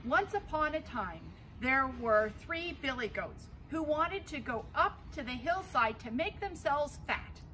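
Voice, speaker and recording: A woman pastor reads a folk tale aloud, her voice high and full of swooping, animated pitch. She tells it in a theatrical storytelling manner, and a faint hiss runs behind her. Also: unhurried, hardly any pauses, poor audio.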